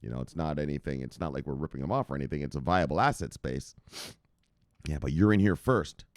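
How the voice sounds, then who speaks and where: A man hosting a crypto news channel, ranting to his viewers in a profane, theatrical way that swings from loud shouts to muttered asides. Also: extremely low pitch, fast talker, no room sound, clean studio sound. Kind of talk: fired-up rant to viewers.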